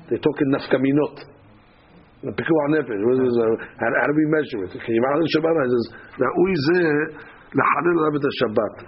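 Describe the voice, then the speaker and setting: A man's voice: mid-range voice, breathy edge, dull audio. A man giving a daily Talmud class, reading the text aloud and then translating it in plain talk. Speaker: Talmud teacher.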